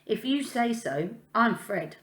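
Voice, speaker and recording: A woman's voice: fairly high pitch, expressive, slow, pitched above the performer's own voice. A woman voicing a shaken young boy who has survived a plane crash, in a raised, boyish voice. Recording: echoey room.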